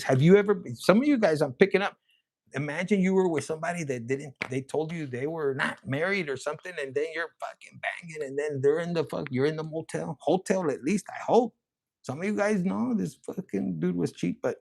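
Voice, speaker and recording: Swearing nonstop, this man works through a tarot reading in a rambling, loose manner, growing excited as the cards turn. His husky, gravelly voice is pitched slightly high for a man.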